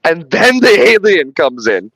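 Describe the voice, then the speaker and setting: A man's voice: on the high side, sing-song, unhurried, fairly bright tone, dry recording, rough recording. A man hosting a podcast, retelling film scenes in casual, rambling chat full of restarts and swearing. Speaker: podcast host reviewing a film.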